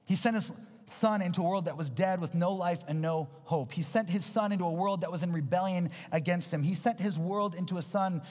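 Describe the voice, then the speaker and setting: A male pastor preaching a sermon, earnest and emphatic, repeating key phrases and sinking into low, intense tones. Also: brisk, a little mellow. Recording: long hall reverb.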